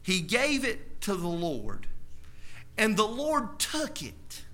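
A male preacher telling a personal story in a sermon, going from soft storytelling to shouted conviction. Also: high voice, wildly swooping pitch, slow.

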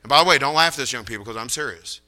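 A male preacher telling stories in a sermon, in an animated, folksy way. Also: medium pitch, rapid-fire. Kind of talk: storytelling sermon.

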